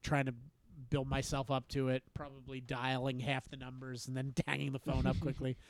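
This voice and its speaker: A man telling a story in casual chat, halting and self-deprecating, laughing often. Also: medium pitch, completely flat delivery, no echo, studio quality.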